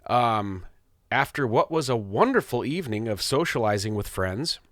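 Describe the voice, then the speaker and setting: A man's voice: medium pitch, sing-song, moderate pace, a bit bright, no room sound, studio quality. A middle-aged man hosting his podcast, telling a story in a rambling, self-amused casual monologue. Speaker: podcast host. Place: small home studio.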